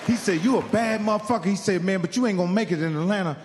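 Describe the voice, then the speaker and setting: A man's voice: high-pitched, quick pace, few pauses, in a large hall, a crowd in the background, noisy background. A man from Indiana doing stand-up, telling a profane story and acting out the other people in it. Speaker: stand-up comedian. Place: live comedy venue.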